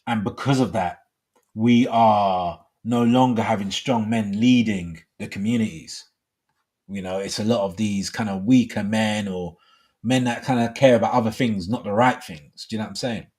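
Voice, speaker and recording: A man's voice: fairly low pitch, moderate pace, a little mellow, breathy edge. A middle-aged man hosting a live call-in show, talking in a rambling way full of fillers.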